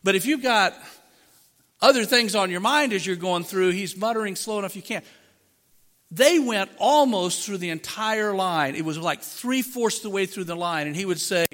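Pastor, male, high-pitched voice, preaches conversationally with rhetorical questions, miked, long hall reverb. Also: moderate pace, fairly bright tone. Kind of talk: sermon. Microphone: microphone.

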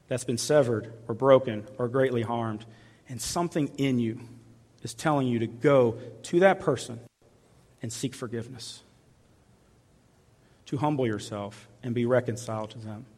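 A male pastor preaching a sermon, sinking to soft intimate tones at times. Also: medium pitch, moderate pace, pauses often. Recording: long reverb of a large hall.

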